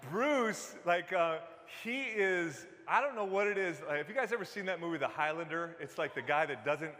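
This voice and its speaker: Joking pastor in an echoing hall. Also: male voice, fairly high pitch, bright, forceful tone, slight background noise. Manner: joking, conversational, with fillers and restarts. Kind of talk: casual sermon.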